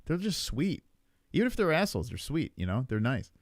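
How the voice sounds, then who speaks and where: A man in his forties with a New York accent, rambling and swearing in casual live stream chat while high, chuckling often. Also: sing-song, a little fast, no room sound, clean studio sound. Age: 40s.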